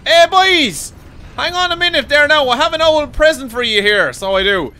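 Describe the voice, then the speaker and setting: An Irish man commentating as he plays a shooter game, excitable and swearing freely, often yelling at enemies. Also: extremely high pitch, moderate pace, clear, resonant tone. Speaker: streamer. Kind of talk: gameplay commentary.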